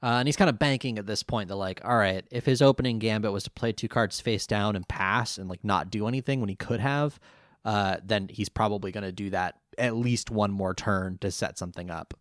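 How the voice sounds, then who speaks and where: Recapping an anime episode on a relaxed podcast he co-hosts, a man in his twenties narrates lively and performs the characters' lines. He speaks briskly at a fairly low pitch, and the audio is clean studio sound without echo.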